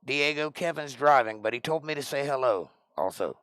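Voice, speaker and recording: This livestream host and Bible teacher speaks at a normal speed in an animated, mid-range, fairly bright voice, with no echo. His Georgia Southern accent colors the wry jokes he trades while reading viewers' comments out loud.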